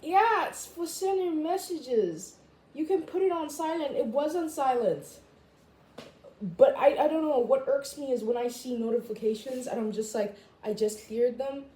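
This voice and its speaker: A chatty woman vlogger rants to camera with a high, mellow voice full of "like" and "I was just like". She leaps even higher whenever she quotes herself. The room is echoey, with faint noise behind her. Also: normal speed. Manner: animated, jumping high when quoting herself. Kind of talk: casual rant to camera.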